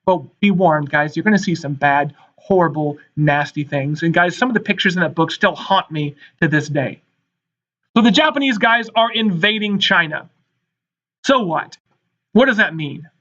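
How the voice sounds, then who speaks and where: A man's voice: a little high, expressive, normal speed, a bit bright. A man teaching a history lesson, talking emphatically to his students, often checking in with "all right" and "guys". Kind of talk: recorded classroom lecture. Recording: dull lo-fi recording.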